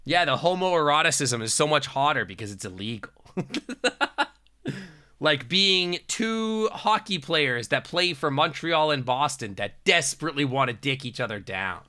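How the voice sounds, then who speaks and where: A man's voice: a little high, expressive, normal speed, sharp tone. A young man streaming a game, reading its text aloud and bantering crudely with chat, laughing often. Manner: playful, crude, laughs often, reads narration aloud between jokes.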